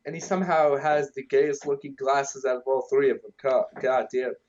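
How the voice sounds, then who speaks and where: A man's voice: medium pitch, steady tone, normal speed, a little mellow, lo-fi sound, a little hiss or hum. A young man co-hosting a meme podcast, joking crudely and rambling in casual chat over a voice call. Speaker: podcast co-host.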